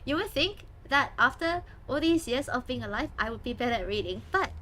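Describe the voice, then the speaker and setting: A woman streamer playing a horror dating game, reading its text aloud with animated, dramatic reactions. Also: high-pitched, normal speed, very noisy.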